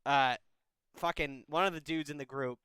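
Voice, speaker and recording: A man's voice: a little high, steady tone, moderate pace, sharp tone, clear, resonant tone, no echo, poor audio. A man in his twenties hosting a call-in advice stream, giving blunt, profane, brotherly advice in casual chat. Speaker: advice show host.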